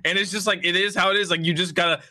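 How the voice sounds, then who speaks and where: Bright-voiced young man chiming in. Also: high voice, steady tone, very fast. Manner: chimes in with short replies and laughs, then explains at length. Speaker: podcast co-host. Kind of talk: casual chat.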